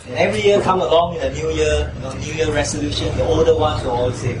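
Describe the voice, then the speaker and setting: A man's voice: a little high, fast talker. A man preaching a sermon as pastor, pressing his listeners with repeated rhetorical questions that build into emphatic pleas. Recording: roomy echo, distant mic, noisy.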